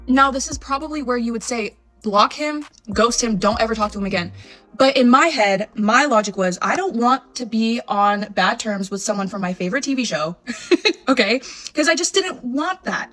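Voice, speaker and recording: A woman in her twenties telling a casual storytime, chatty and animated, acting out her own texts. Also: medium pitch. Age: 20s. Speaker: storytime vlogger.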